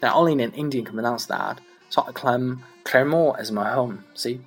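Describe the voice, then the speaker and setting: Husky male reader, Chinese native speaker. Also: mid-range voice, normal speed, faint music behind. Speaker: English learner practicing accents. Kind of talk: reading a comic monologue aloud.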